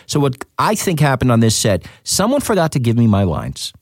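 A man, an actor, telling a story in a casual interview, animated and repeating words as he goes. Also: brisk, no room sound, studio quality. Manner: animated, jumps up in pitch acting out quotes, repeats words. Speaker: actor guest.

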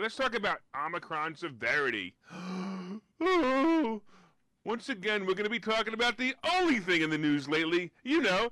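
An American man hosts a live-streamed finance talk show, offering emphatic, sarcastic commentary that gets loud on his punchlines. His pitch is fairly high, and there's no echo.

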